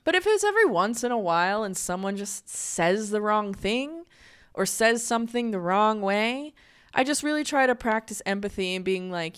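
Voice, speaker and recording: Young female host, casual candid chat, smooth clear tone, mid pitch. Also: sing-song, normal speed. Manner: chatty and candid, many "like" fillers. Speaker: podcast host. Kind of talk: casual monologue.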